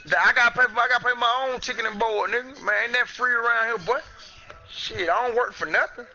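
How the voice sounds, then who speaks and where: High bright-voiced man trash-talking. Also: fast talker, soft background music. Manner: profane, boastful, loud joking. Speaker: streamer. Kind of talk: casual trash talk over game chat. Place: at home. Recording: muffled lo-fi stream audio.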